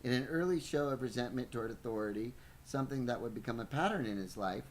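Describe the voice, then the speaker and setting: Guy reading a book out loud on a podcast, slips on words sometimes, little hiss underneath. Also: medium pitch, animated, fast talker, rough recording. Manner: reads aloud with stumbles and asides, playful. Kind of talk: live book reading with banter.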